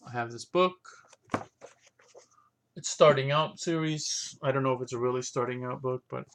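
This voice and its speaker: A man with a bright, forward voice talks casually and unscripted. He thinks aloud as he goes, circling back and restarting his sentences. His pitch sits in an ordinary middle range. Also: normal speed, pauses often. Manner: thinking aloud, rambling with many restarts and fillers. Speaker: vlogger reviewing his chess books.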